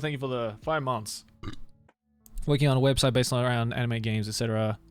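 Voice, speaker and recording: A man's voice: mid-range voice, steady tone, fairly quick, smooth, no echo, faint music behind. A male streamer chatting casually with his live audience, laughing often, swearing freely, and leaning hard on filler words. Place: home streaming room, Tokyo.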